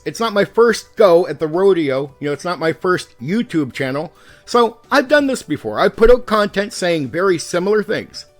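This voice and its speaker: A man with a fairly high voice rants hard at the camera, swearing freely as a longtime game master. He swings between raised and calm speech to drive his points home. Soft music plays faintly underneath. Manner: heated and profane, pushing his points hard. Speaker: YouTube host and game master. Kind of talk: ranting commentary to the camera.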